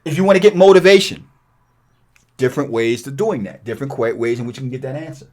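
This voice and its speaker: A middle-aged man teaching a cold calling script in an energetic, emphatic way, sometimes acting out sample lines for callers. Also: medium pitch, fast. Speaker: real estate investing coach. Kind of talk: training video walkthrough.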